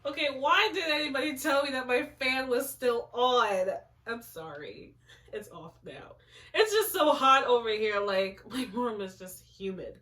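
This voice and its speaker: A young woman talks slowly through her own clumsy old story, giggling and making sarcastic, overdramatic comments. Her voice is bright and a little high. She sits in her bedroom at some distance from the mic, so she sounds slightly far off. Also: lively intonation. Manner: giggly, mock-dramatic, sarcastic asides. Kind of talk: casual commentary while reading aloud.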